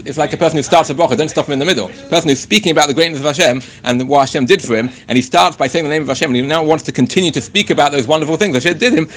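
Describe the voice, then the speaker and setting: Halting man teaching a Torah class. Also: a little high, fairly bright tone. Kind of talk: Torah class, reading a text aloud and explaining it.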